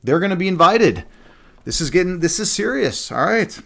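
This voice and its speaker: A man reading a fairy tale aloud as a streamer, breaking off into profane, excitable, rambling commentary. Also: sits high, moderate pace, gravelly.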